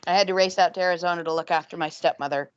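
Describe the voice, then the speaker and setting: A real estate agent speaks in a video call panel interview, emphatic and repetitive, talking in rushes with a slightly froggy voice. Her voice is low-ish, steady, and smooth, and the call line sounds dull and dry with no room sound.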